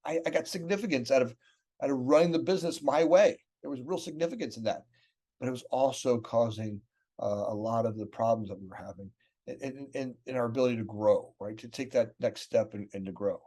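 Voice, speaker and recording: A man's voice: medium pitch, fairly quick, warm tone. A man in casual business chat, rambling and repeating words, often tagging sentences with "right?".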